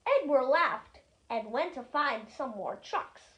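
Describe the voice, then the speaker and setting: A reader tells a storybook aloud with lively, expressive delivery. The voice is high and swings widely in pitch. The pace is slow and deliberate. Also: dull audio.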